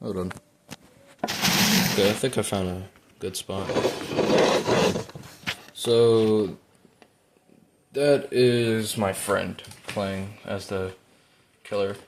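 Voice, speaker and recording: A man giving casual, rambling gameplay commentary, full of fillers, breaking into excited yelps while playing. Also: lowish voice, extremely slow, long pauses, heavy background noise. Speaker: gaming YouTuber. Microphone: phone.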